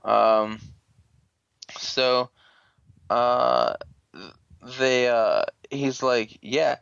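A man hosting a casual, profane recap, sarcastic and rambling with many fillers and throat clearing. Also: medium pitch, steady tone, unhurried, a bit bright, no echo. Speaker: podcast host recapping a show. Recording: dull lo-fi dry sound.

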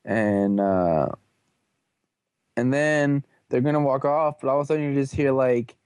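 Young man, playful fan recap, rambling, slangy, middle pitch, dry sound. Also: unhurried, darkish tone, no echo. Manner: playful, full of "like" and slangy asides, breaks into goofy quoted voices.

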